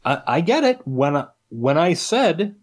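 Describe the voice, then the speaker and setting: Rambling podcast co-host, lively pitch. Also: male voice, a little slow. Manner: rambling, hesitant with fillers. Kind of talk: casual chat.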